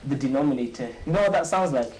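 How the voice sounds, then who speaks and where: A man hosting and teaching an informal maths lesson, quizzing a few students with quick questions and joking as he goes. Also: mid-range voice, lively intonation, crowd noise, poor audio. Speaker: maths teacher and show host.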